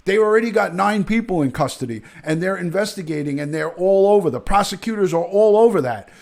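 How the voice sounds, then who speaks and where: A man's voice: sits high, animated, fairly quick, gravelly, a little mellow. A middle-aged man hosting a live stream, ranting with outrage, emphatic, often repeating himself and restarting sentences. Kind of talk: heated live-stream rant.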